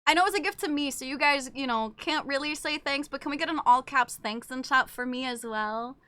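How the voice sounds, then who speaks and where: A young woman streamer chatting casually with her viewers, excitable and gushing, swearing freely. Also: high-pitched, a little fast, dry recording. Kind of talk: casual live-stream chat.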